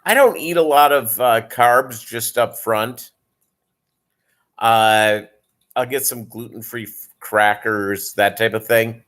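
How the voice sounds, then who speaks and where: Tired male livestream host, slow and rambling, filler-heavy casual chat with viewers. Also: mid-range voice, a bit bright. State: tired, yawning.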